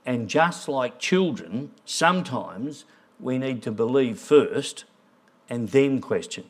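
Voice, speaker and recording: A man gives a church sermon in a mid-pitched voice. He speaks earnestly and steadily, reading quoted passages aloud to the congregation. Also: animated, slow pace. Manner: earnest, reads quotes aloud, briefly moved. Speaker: pastor.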